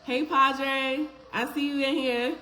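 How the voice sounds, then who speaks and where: A woman's voice: sits high, fairly even intonation, slow pace, pushed and bright. A woman hosting a live stream, chatting casually, greeting viewers one by one by name in an affectionate, upbeat way. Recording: echoey room with faint background noise.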